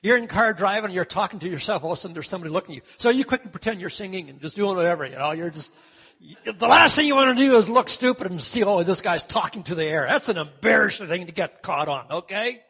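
A man preaching a sermon, telling the story with animated delivery and acting out the voices of the people in it. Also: sits high, husky. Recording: muffled, echoey hall.

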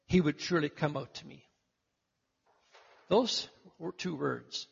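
A man preaching a sermon, telling the story with animated delivery and acting out the voices of the people in it. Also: a little high, measured pace, gravelly, long pauses, breathy edge. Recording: muffled, echoey hall.

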